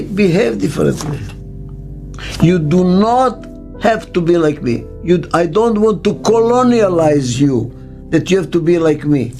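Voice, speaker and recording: An older man with a Hebrew mother tongue, a business consultant speaking in an interview, slow and emphatic, repeating his key words. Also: high voice. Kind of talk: interview monologue.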